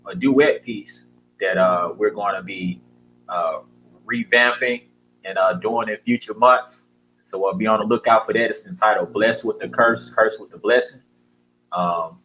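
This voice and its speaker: A man's voice: fairly low pitch, measured pace, rough recording. Laid-back male host with lots of fillers. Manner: relaxed, with frequent "uh" fillers. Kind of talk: event hosting introductions.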